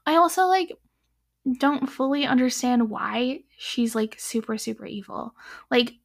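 A woman's voice: fairly high pitch, expressive, measured pace, creaky. Chatty young woman in her twenties. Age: 20s. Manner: chatty, heavy filler use, frank. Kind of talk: casual film-review chat.

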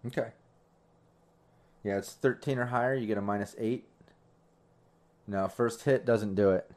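Low mellow-voiced man running a game. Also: a little slow. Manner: rambling, many fillers and restarts. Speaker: game master. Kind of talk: running a tabletop game online.

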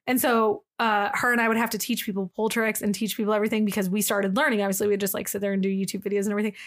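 A young woman co-hosting a podcast, telling a story in casual chat, animated, laughing often and acting out the people in it. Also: medium pitch, very fast. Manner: animated, laughing, acts out quoted voices. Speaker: podcast co-host.

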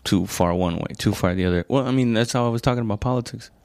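A man's voice: medium pitch, fast, a little mellow, dry recording. A man doing a casual comedic monologue, rambling and profane, often stopping to correct himself and calling the listener "dude". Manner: laid-back, addresses listener as "dude".

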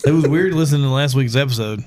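A man's voice: medium pitch, fast talker, darkish tone. A man talking in an easygoing way on a casual podcast, seated on a living room sofa. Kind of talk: casual chat.

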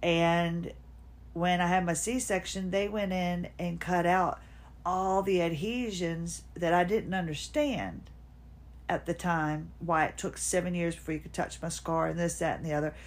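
50s woman rambling on her podcast from home, kinda low voice, talks to herself. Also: fairly even intonation, unhurried. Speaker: podcast host. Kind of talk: casual personal monologue. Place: at home, seated.

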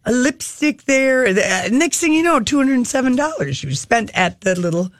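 A woman's voice: on the high side, normal speed, dry recording, clean studio sound. A woman from Minnesota co-hosting a casual chat, telling a story animatedly and acting out the people in it. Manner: animated storyteller who acts out the other people. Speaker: podcast co-host. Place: studio.

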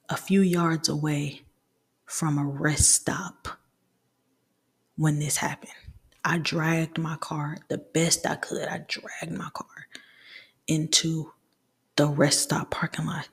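A young woman in her twenties talks through a personal story for her podcast, her voice hushed and often dropping into a half-whisper. The tone is gravelly and husky, and the telling is candid and rambling, full of restarts. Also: low voice, little pitch movement, slow, long pauses. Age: 20s.

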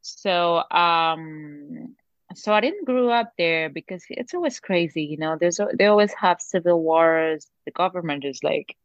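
A woman's voice: on the low side, expressive, measured pace, no room sound, dull audio. A young woman with a French accent, raised in France, chatting casually as an interview guest and laughing often. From Lebanon, raised in France. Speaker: guest, singer.

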